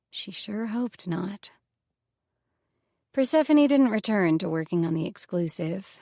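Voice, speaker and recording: A woman reads a fantasy audiobook in a measured, even voice with a gravelly, fry-laced texture. The sound is close-miked and completely dry, with no room around it. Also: mid-range voice, no room sound. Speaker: audiobook narrator. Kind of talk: scripted fantasy audiobook narration.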